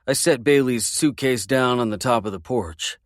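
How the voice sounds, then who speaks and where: A man narrating a first-person romance audiobook in a measured, intimate way. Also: medium pitch, no room sound, clean studio sound.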